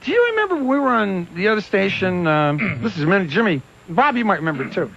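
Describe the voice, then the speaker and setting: A man hosting a radio show, telling stories in a casual, animated way and slipping into voices, heard on a dull lo-fi broadcast recording. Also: high voice, quick pace, creaky. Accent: Pittsburgh. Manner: animated, laughing, doing voices in quoted bits. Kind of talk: casual on-air storytelling. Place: radio studio.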